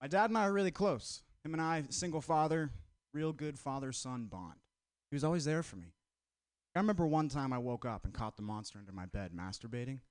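Man telling deadpan one-liners. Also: medium pitch, brisk, no room sound, clean studio sound. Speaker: stand-up comedian.

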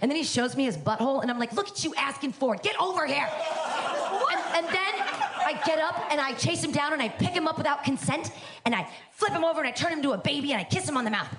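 A woman in her fifties tells brash, self-mocking jokes in a high voice that jumps around a lot. She is recorded live at a comedy club, and a loud crowd fills the room behind her. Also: lively intonation, very fast, very noisy. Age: 50s. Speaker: stand-up comedian. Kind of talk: stand-up comedy set.

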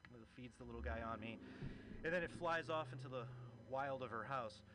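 A man's voice: medium pitch, fairly quick, background noise. A man doing a stand-up comedy set, telling a rambling story with chuckles, and acting as emcee.

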